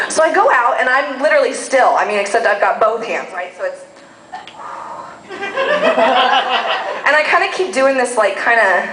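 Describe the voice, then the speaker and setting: Animated woman telling a bawdy story. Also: fairly high pitch, moderate pace, long pauses, a little hiss or hum. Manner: bawdy, expressive, laughs often. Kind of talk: live comedic storytelling. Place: live venue with audience. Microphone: phone recording. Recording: echoey room phone recording.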